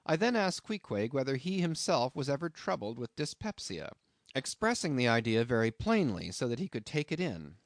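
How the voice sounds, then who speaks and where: A man's voice: normal speed, dry recording, studio quality. A man narrating a classic novel as an audiobook, reading expressively. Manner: expressive reading with wide pitch swings.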